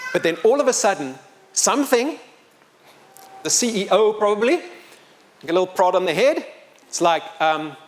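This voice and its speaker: A man's voice: a little high, a little hiss or hum. A middle-aged man, telling a personal story to a live audience and acting out the dialogue with emotion. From South Africa. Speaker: children's author and speaker.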